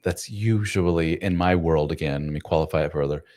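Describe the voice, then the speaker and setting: A man's voice: extremely low pitch, a little fast, a little mellow. A man hosting a casual live stream from home, chatting loosely with viewers in a self-deprecating way. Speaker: live stream host, men's coach. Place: home room.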